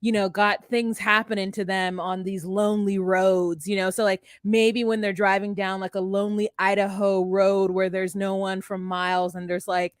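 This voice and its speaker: A woman's voice: medium pitch, flat delivery, normal speed, hardly any pauses, no echo, clean studio sound. A woman co-hosting a TV recap podcast, telling it in a rambling, hesitant way with giggles. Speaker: podcast co-host. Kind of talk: casual recap chat.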